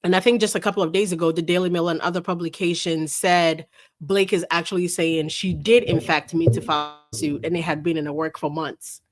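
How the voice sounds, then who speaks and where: A woman hosting a casual livestream, chatting about a lawsuit and reading viewer messages aloud in an animated way. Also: fairly low pitch, fairly quick. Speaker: livestream host.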